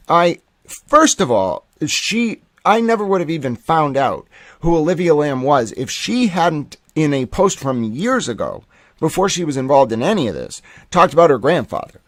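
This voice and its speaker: Male streamer, mid-range pitch, excitable and profane, filler-heavy delivery. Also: no room sound. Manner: animated, profane, emphatic with many fillers. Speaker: commentator. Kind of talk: casual commentary stream.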